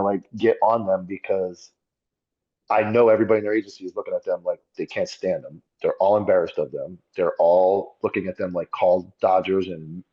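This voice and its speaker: A man's voice: sits low, lo-fi sound. A former police officer as a podcast guest, telling his story in a blunt, profane, self-critical way. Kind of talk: candid conversational storytelling.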